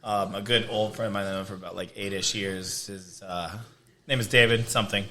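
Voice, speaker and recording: Guy hosting a podcast chat, kinda low voice but bright and punchy, swears a lot. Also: steady tone, a little fast. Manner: laid-back, profane storytelling. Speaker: podcast host. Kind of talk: casual chat.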